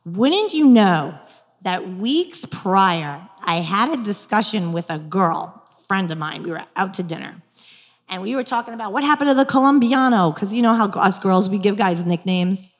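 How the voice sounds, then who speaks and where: A woman in her forties with a New York accent, telling a dating story and coaching on manifestation in a lively, frank, laughing way. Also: mid-range voice, moderate pace, in a large hall. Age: 40s. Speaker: guest speaker on dating and manifestation. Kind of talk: casual storytelling, coaching talk.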